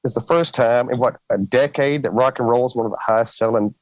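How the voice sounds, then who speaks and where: A relaxed man with a strong Southern accent talks as a guest in a casual chat, laughing easily between thoughts. His voice sits at an ordinary middle pitch. The sound is dry and close, with no room around it. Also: fairly quick, dry recording, low-quality recording. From Mississippi. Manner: easygoing, laughs often. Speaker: guest musician.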